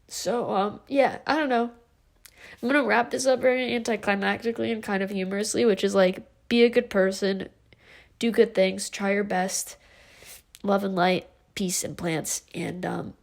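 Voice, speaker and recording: A woman's voice: mid-range voice, steady tone, moderate pace, gravelly. A woman in her twenties talking in an emotional, rambling confessional vlog, tearful and full of fillers. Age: 20s. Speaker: vlogger.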